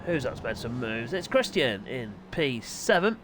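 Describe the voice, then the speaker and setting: A man commentating live sim motorbike racing on his own stream, excitable and chatty with joking asides. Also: medium pitch, measured pace, noisy background. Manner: excitable, chatty, self-deprecating, swings to exasperated asides. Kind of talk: live esports race commentary.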